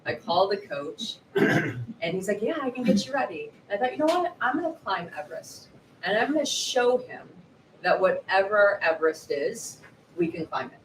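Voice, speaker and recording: Animated woman telling stories, roomy bookshop. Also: mid-range voice, normal speed. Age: 40s. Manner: lively, animated storyteller acting out quotes. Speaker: author guest. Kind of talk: storytelling at a live book event. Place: bookshop event space. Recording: roomy echo, distant mic, faint noise.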